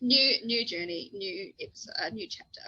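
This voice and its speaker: A young woman from New Zealand hosting a podcast, chatting casually, animated and swearing freely. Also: medium pitch, normal speed, lo-fi sound. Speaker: podcast host. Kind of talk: casual chat.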